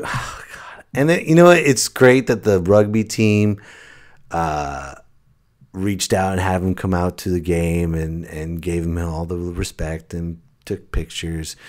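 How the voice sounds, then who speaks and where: Man, very low pitch, comic monologue, rambling, self-interrupting. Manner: rambling, self-interrupting, jumps between loud and muttered. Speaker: comedian podcast host.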